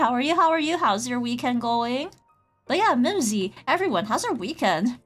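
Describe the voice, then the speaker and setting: A woman with a fairly high, lively voice talks at a moderate pace while streaming her drawing. She's a streamer and artist who tells a wandering story packed with "like," pausing to say hi to people in chat, with faint music in the background.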